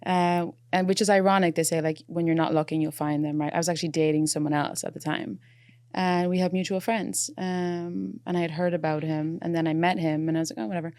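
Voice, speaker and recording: A young Irish woman chatting as a podcast guest, an animated storyteller who laughs often. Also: low-pitched, a little fast, dry recording, clean studio sound. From Ireland. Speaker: podcast guest, app founder. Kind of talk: casual chat.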